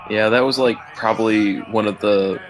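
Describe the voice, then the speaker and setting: Casual man with a lowish voice, joking live commentary. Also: normal speed, rough recording. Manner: relaxed, joking. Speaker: cast member commentator.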